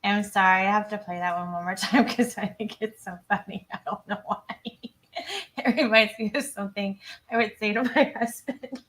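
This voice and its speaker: A woman's voice: medium pitch, fairly even intonation, normal speed, a bit bright. A woman hosting a true crime livestream, chatty and giggly, reading viewer comments aloud. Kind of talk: casual livestream chat.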